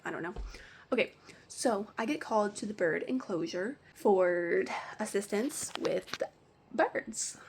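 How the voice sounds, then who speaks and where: A woman vlogger telling a ranting storytime about her work, animated and full of "like". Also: medium pitch, a little slow, vocal fry, noisy background. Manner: animated, heavy use of "like". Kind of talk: storytime rant.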